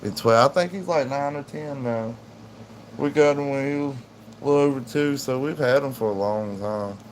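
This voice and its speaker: A relaxed man with a drawl rambles through a casual livestream chat from his home, speaking at a normal speed and an ordinary middle pitch. As the host, he drifts easily between addressing viewers and fussing over his dog, while a faint air-conditioner hum sits underneath.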